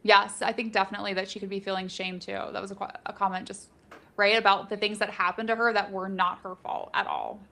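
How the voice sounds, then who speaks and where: A woman's voice: medium pitch, little pitch movement, fast, creaky, sharp tone. Chatty woman co-hosting a book chat. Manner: speculative, chatty, many "like" fillers. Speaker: book discussion co-host. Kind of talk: casual live book chat.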